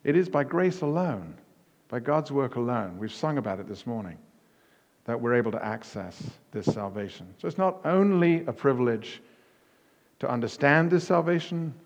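A man preaching a sermon as pastor, emphatic, with punchy repetition that rises to near-shouts on key words. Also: mid-range voice. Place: church hall. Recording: long reverb of a church hall.

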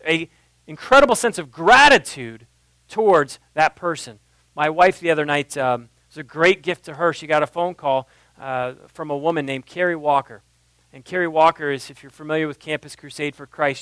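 A man in his thirties preaching a sermon in a church, moving between quiet, intimate asides and loud, impassioned passages. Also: on the high side, no echo, rough recording. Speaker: pastor.

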